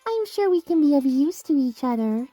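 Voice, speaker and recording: A woman voicing a small talking clam with a high, thin voice, coaxing and impatient. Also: big pitch swings, normal speed, mellow, dry recording, faint music behind.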